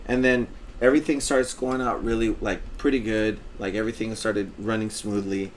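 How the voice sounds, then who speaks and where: Low-ish guy rambling thru a con story on a podcast, swears a lot, acts out the quotes, bit of faint background noise. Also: little pitch movement, moderate pace. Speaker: podcast co-host. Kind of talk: casual storytelling chat.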